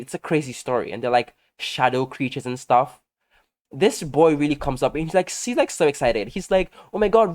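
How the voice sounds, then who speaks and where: Sassy, animated young man gossiping. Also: mid-range voice. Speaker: game content creator. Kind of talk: casual chatty storytelling over gameplay.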